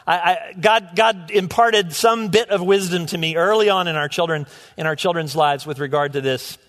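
Middle-aged male pastor, earnest sermon, somewhat high voice, long church reverb. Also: normal speed, a bit bright. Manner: earnest, with frequent restarts and repeated words. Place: church sanctuary.

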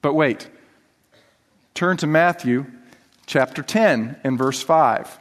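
A male pastor giving an animated sermon, reading scripture aloud and asking the congregation rhetorical questions. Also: fairly high pitch, slow pace. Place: church hall. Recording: long reverb of a church hall.

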